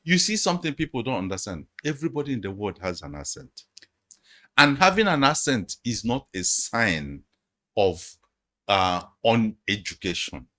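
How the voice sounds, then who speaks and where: A man's voice: lowish voice, very animated, normal speed, pushed and bright. A man, speaking as a guest analyst in a podcast interview, talking emphatically and repeating points for stress.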